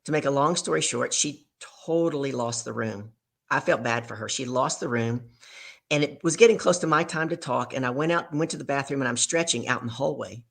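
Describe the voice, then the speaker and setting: A middle-aged woman guest telling an animated story in an interview, acting out dialogue as she goes. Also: rumbling low, brisk, creaky. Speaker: guest speaker.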